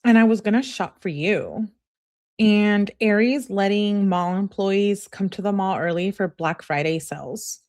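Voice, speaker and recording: Slow-talking sassy woman reading texts. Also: medium pitch, darkish tone. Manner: sassy, laughs and talks back to what she reads. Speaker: host reading text messages. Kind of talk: casual commentary reading texts aloud.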